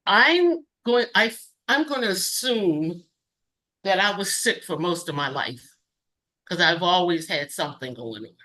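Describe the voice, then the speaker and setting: A woman guest casually demonstrating a recipe and telling her story, halting and correcting herself often. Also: fairly low pitch, lively intonation, sharp tone. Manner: halting, self-correcting, many fillers.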